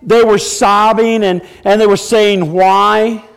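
High-voiced preaching man in a church. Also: fairly even intonation, measured pace, clean tone, big-room sound. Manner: preaching with acted outbursts of mock wailing. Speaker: pastor. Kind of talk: sermon.

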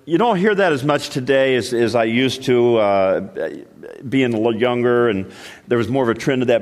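A male pastor preaching a sermon, with emphatic delivery and many repeated starts, dropping low and slow to stress a point. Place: church sanctuary. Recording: long reverb of a large hall.

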